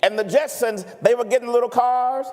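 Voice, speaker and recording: A man preaching a sermon as pastor, animated and often checking in with the congregation. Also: very high-pitched, normal speed. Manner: animated preaching, asks the congregation if he makes sense. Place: church sanctuary. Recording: reverberant church hall.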